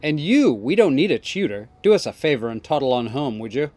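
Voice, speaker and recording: A man's voice: medium pitch, sing-song, fairly quick, a little mellow, no echo, natural voice. Man doing a whiny bratty boy boss. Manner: whiny, defensive. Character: bratty, touchy teenage boy gang boss. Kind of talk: reading game dialogue aloud.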